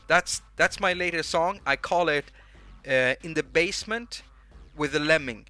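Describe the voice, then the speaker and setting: A man's voice: on the high side, pushed and bright. A man from Sweden with a Swedish accent, hosting a casual livestream chat, rambling and jumping from thought to thought, with faint music behind him. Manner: rambling, rapid-fire, jumps between thoughts. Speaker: livestream host. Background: faint music track.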